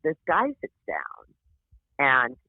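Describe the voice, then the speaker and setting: A woman stand-up comedian, a podcast guest, telling a story in casual chat. She is animated, swears freely, and acts out the voices of the people in her story. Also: extremely low pitch, slow, no echo. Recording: tinny phone-like audio.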